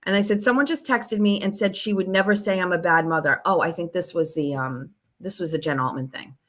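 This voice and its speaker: A woman's voice: lowish voice, a little fast. A woman hosting her own show, telling a long story in a casual, sarcastic and profane way while reading out text messages. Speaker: show host.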